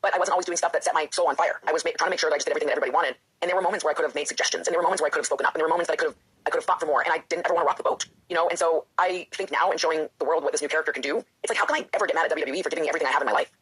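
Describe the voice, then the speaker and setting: In an interview, a professional wrestler and author appears as a guest, speaking candidly and emotionally at a rapid clip in a husky, breathy voice that sits low. She often slips into acting out the doubting voice in her own head.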